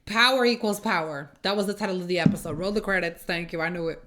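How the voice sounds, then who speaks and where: A woman's voice: lowish voice, quick pace, fairly bright tone. Woman, reaction host, blunt, sarcastic, casual commentary.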